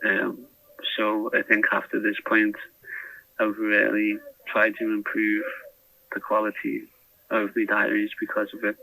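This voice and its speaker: A man's voice: fairly low pitch, monotone, a little slow, creaky, bright, forceful tone, dry recording. A man telling his diary down a prison phone, rambling and hesitant with restarts. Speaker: podcast diarist. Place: prison cell. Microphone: phone handset. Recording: phone line recording.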